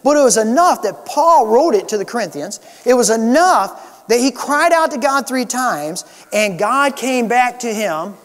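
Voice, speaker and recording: A male pastor delivers an earnest sermon in a noticeably high voice. He lifts his voice for emphasis, then sinks low and quiet to drive a point home. The sound carries a long reverb from the church hall. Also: lively intonation, a little slow, hardly any pauses. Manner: earnest preaching, rising and dropping to soft emphasis. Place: church sanctuary.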